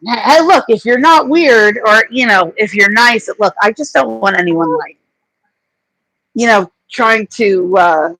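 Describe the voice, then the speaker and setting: A woman's voice: mid-range voice, measured pace, pushed and bright, no echo, rough recording. A woman hosting a casual livestream chat, telling rambling anecdotes full of fillers and restarts. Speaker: host.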